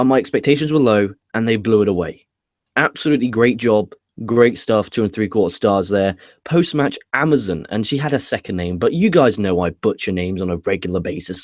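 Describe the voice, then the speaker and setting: A man's voice: mid-range voice, dry recording, clean studio sound. A man giving a casual wrestling show review, chatty, with casual swearing and frequent restarts. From England.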